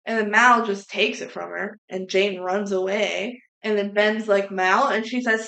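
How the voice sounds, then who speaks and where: A woman co-hosting a podcast, chatting casually and acting out bits of dialogue as she recaps a movie. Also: medium pitch. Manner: animated, acts out character lines in quick impressions. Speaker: podcast co-host.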